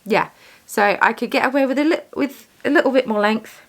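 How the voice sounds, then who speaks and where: Chatty woman with a gravelly edge. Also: fairly high pitch, a little fast. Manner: rambling, self-deprecating, chatty. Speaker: vlogger, yarn dyer and shop owner. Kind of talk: casual chat while bead weaving.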